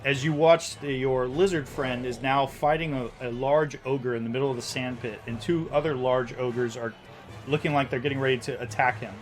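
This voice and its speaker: A man's voice: mid-range voice, fairly even intonation, moderate pace, soft background music. A man narrating a fantasy battle. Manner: vivid, descriptive narration with frequent restarts. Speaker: game master. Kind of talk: narrating a tabletop game.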